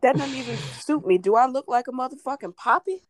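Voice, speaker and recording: A woman's voice: high voice, animated, brisk. A young woman, chatting casually, brash, emphatic and swearing freely. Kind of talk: casual chat.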